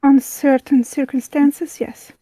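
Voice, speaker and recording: A woman with a fairly high, mellow voice answers slowly and calmly. She is playing an elf character in a tabletop game, and the sound is dry and close. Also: no echo. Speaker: player voicing an elf character.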